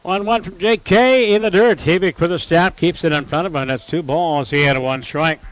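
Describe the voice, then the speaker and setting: A man calling a college baseball game play-by-play, with a voice that sits a little higher than most. He runs through counts, lineups and sponsor reads in a steady, informative way. When the big plays come, his voice jumps up with excitement. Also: normal speed, rough recording. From Upper Midwest US. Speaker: play-by-play announcer.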